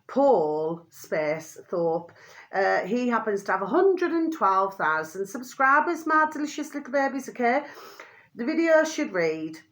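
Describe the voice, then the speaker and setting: A woman's voice: mid-range voice, fairly bright tone. An older woman, vlogging in a rambling, chatty way, repeating the same pet phrase and drifting off topic. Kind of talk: rambling casual monologue to camera.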